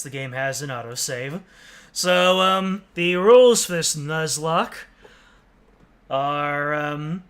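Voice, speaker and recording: A man's voice: fairly high pitch, fairly bright tone. A man streaming a game, chatting casually and joking while sometimes reading the game's text aloud in a put-on newscaster voice. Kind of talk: casual let's-play commentary.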